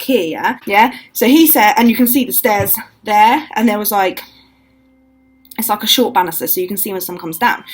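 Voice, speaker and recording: A woman's voice: on the high side, breathy edge, low-quality recording. A young woman telling ghost stories to camera in casual, swear-filled chat, acting out what people said. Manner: swears a lot, acts out quotes, animated.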